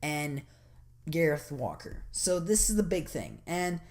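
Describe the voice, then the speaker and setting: A woman giving loose, rambling commentary over a video game, excited and full of fillers. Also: deep voice, measured pace. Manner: excited and enthusiastic. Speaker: gameplay commentator.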